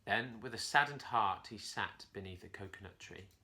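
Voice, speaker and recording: A man's voice: fairly low pitch, expressive, normal speed, sharp tone. A man from a church, reading a bedtime story expressively to children.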